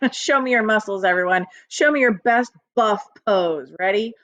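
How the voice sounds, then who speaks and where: A woman's voice: medium pitch, slow pace, pauses often, a bit bright, no room sound, muffled recording. A woman teacher giving a recorded phonics lesson to young children, upbeat and sing-song.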